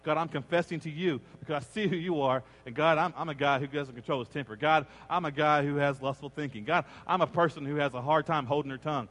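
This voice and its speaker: A middle-aged pastor preaches in an animated way, often slipping into the voices of the people he quotes. His voice sits a little high for a man. It rings out with the long reverb of a big church sanctuary. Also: fast, few pauses. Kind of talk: sermon.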